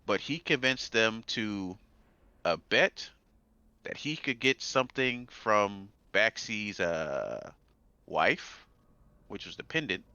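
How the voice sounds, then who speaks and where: Man, tabletop player, hesitant recap; bright, dry sound. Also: lowish voice, lively intonation, takes it slowly, clean tone, no echo, dull audio. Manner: rambling, hesitant, many fillers. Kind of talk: casual in-character recap.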